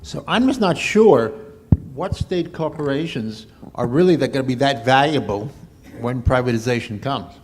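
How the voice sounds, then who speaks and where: A man's voice: medium pitch, moderate pace, a little mellow, slight background noise. A man in a conference audience asking a question in a conversational, thinking-aloud way.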